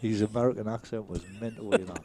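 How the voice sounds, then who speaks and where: Chatty British pool commentator, mellow voice. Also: male voice, lowish voice, steady tone, fast. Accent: British English. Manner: chatty, jokey, laughs often. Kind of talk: live sports commentary, casual banter.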